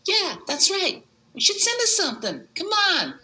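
A woman's voice: very high-pitched, wildly swooping pitch, moderate pace, pushed and bright, full character voice, low-quality recording. A woman voicing a brash, pushy woman from the Bronx with a Bronx accent, spoofing a podcast host in a voicemail. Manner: pushy, blunt, mock-tough.

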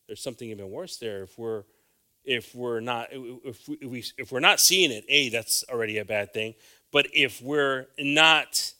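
A man preaching a bilingual sermon, swinging from hushed asides to loud calls and repeating phrases. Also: mid-range voice.

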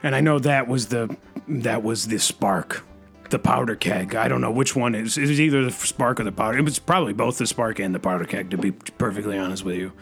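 A man's voice: lowish voice, fairly quick, vocal fry, fairly bright tone, faint music behind. A man hosting an improvised comedy bit, rambling anxiously and saying freaking constantly.

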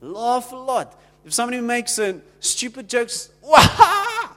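South African man, pastor, conversational sermon, acts out exchanges, high voice, long reverb. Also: expressive, normal speed, fairly bright tone.

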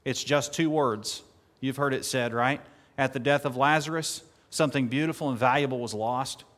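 A man preaching a sermon earnestly, at times building to emphatic, louder peaks. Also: medium pitch, fairly even intonation, moderate pace. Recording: long hall reverb.

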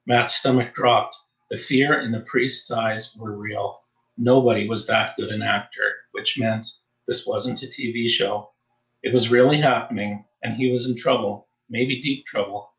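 Male audiobook narrator, steady, mid-pitched, roomy echo. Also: a little slow. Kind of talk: scripted narration.

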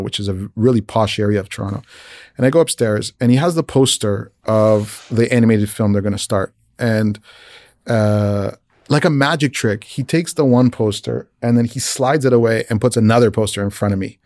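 Animated man telling a story, dry sound. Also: on the low side, brisk, no room sound. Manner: animated, re-enacts dialogue, frequent repeats and restarts. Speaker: visual effects artist telling a career story. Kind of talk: casual anecdote.

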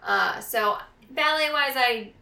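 A woman's voice: on the high side, slow, gravelly, pushed and bright, roomy sound, recorded from a distance. A woman co-hosting a casual podcast at a friend's home, chatty and frank. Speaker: podcast co-host.

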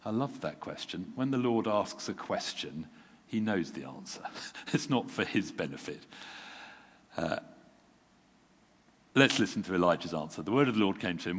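A man with a low voice delivers a sermon in an easy, self-deprecating way, as if talking with friends. He sounds worn out but steady. A long hall reverb trails his words. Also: normal speed, long pauses, breathy edge. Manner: conversational, self-deprecating, with chuckles and restarts. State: tired. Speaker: preacher.

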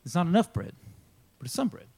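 Lively, chatty preacher man. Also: a little high, fast talker, vocal fry, husky. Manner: casual, chatty storytelling that acts out the characters' lines. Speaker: pastor. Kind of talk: sermon. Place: church.

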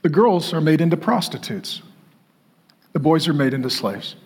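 A male pastor preaching a sermon in an emphatic way, repeating phrases and pausing for effect. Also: a little high, lively intonation, darkish tone, breathy edge. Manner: emphatic, repetitive, with dramatic pauses.

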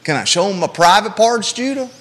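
A man's voice: high voice, lively intonation, fairly quick, a bit bright, long reverb tail. A man hosting a live local talk show, blunt and emphatic, with joking asides.

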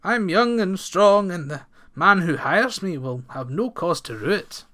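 Big cheerful young giant farmhand, bold plainspoken storybook lad, slightly high voice, read by a man. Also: expressive, measured pace, a bit bright. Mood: confident. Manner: bold, plainspoken old-fashioned speech.

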